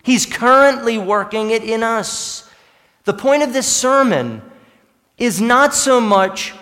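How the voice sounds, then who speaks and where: A male pastor preaching a sermon, swinging between hushed lines and emphatic ones. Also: extremely high pitch, animated, takes it slowly, big-room sound. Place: church sanctuary.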